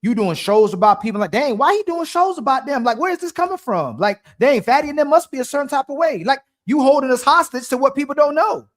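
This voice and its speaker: A man with a high voice rattles through his points at a quick clip, heated and repeating himself. He sounds like a stream co-host airing grievances live, words tumbling over each other. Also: lively intonation.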